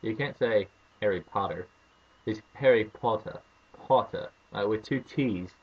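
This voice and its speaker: An American man putting on an exaggerated fake English accent, loud and theatrical, in a comedy home vlog. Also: lowish voice, normal speed, breathy edge, lo-fi sound. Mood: mocking. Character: American man faking a hammy English gent.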